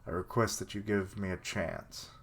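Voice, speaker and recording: Samurai lord figure, calm, resolute, flat low reading, done by a man. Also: moderate pace, vocal fry, husky, exaggerated voice. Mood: solemn.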